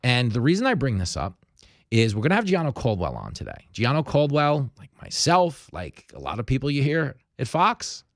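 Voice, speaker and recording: Guy ranting on his podcast, very lively pitch, punchy, dead dry sound. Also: normal speed, no echo. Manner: emphatic, animated storytelling. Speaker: podcast host. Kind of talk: opinion commentary.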